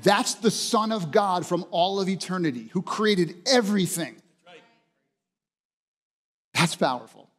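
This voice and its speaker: A man's voice: sits high, a little slow, pauses often, fairly bright tone, big-room sound. A man preaching a sermon as pastor, passionate and emphatic, driving points home with repeated phrases.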